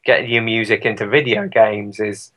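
Chatty British man, slightly low voice. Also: flat delivery, moderate pace, a bit bright, poor audio. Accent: British English. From Britain. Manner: chatty, rambling, self-deprecating, many fillers. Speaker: guest musician. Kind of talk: casual interview chat.

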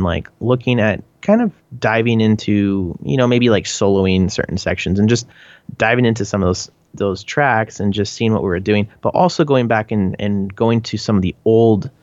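A man's voice: on the low side, darkish tone, dry recording. A man with a Canadian accent answering interview questions casually, rambling with lots of fillers and restarts. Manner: rambling, frequent "like" and restarts, laughs often. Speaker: band member, interviewee. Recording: dull lo-fi dry sound.

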